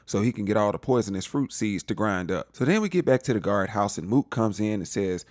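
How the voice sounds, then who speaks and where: Guy doing a slangy show recap, low voice, super expressive, dry sound. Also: brisk, no echo. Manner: animated retelling, acting out the characters' lines, slangy. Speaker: TV recap vlogger. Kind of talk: casual episode recap.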